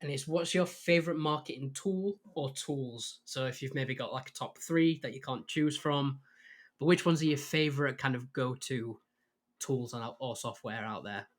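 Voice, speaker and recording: Male podcast host, mid-pitched, easygoing and friendly. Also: normal speed. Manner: friendly, laughs along, asks set questions. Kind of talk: casual podcast interview.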